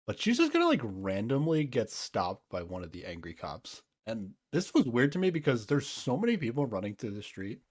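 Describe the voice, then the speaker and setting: A man's voice: mid-range voice, wildly swooping pitch, a little fast, hardly any pauses. A man co-hosting a podcast in casual chat, hedging often and sounding unsure of himself. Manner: hedging and unsure, many "I don't know"s. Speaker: podcast co-host.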